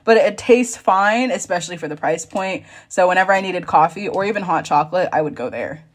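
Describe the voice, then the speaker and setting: A young woman guest on a student podcast, chatting in a relaxed, easygoing way. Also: fairly low pitch, brisk. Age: young adult. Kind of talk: casual chat.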